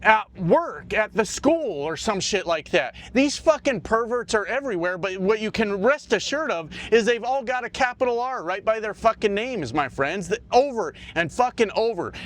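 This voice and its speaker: Man, trucker-commentator, higher-pitched voice; angry, cussing, off-the-cuff political vlog. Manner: profane, heated, rambling.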